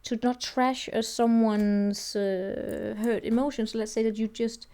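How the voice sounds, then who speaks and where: A woman's voice: fairly high pitch, steady tone, slow, mellow. A woman giving a casual tarot reading, thinking aloud and rambling with many restarts. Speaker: tarot reader.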